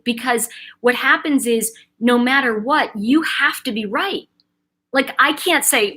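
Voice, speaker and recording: A woman's voice: a little high, a little slow, bright, forceful tone. A woman hosting a casual commentary monologue, chatty and digressive, telling stories from her teaching life with quoted asides. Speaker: host, spiritual teacher.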